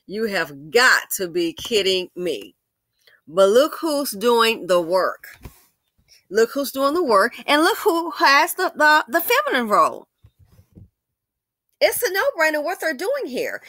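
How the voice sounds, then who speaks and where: A woman's voice: a little high, fairly bright tone, no room sound, studio quality. A woman host giving casual commentary on a commercial, emphatic and repeating her points with rhetorical questions.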